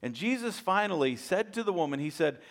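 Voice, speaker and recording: A man preaching a sermon as a pastor, telling a story with animated, acted-out voices and repeated words when excited. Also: high-pitched, fairly quick.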